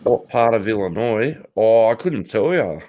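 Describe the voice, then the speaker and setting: The recording is muffled as a middle-aged Australian man, with a fairly low, dark-toned voice, talks animatedly at normal speed. He streams casually from a home office, cursing freely, joking, and laughing often in reaction to chat.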